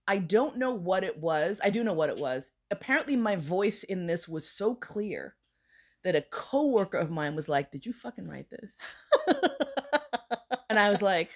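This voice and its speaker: Animated storytelling woman, low voice. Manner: animated, acts out voices in quotes, swears freely. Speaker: podcast guest. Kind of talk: casual storytelling chat.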